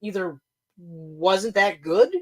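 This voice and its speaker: A man co-hosting a podcast in casual chat, animated and profane, laughing often. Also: high voice, slow. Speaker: podcast co-host.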